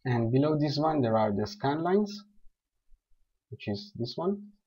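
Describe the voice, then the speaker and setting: A man calmly explaining software steps one by one in a screen-recorded tutorial. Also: medium pitch, unhurried, breathy edge. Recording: dull lo-fi voice recording.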